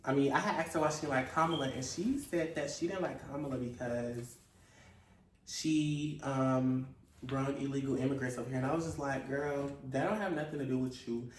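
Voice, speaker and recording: A woman's voice: very deep voice, normal speed, slight background noise. A teenage girl co-hosting a casual podcast, talking bluntly and swearing freely. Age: teens. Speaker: podcast co-host. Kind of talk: casual chat.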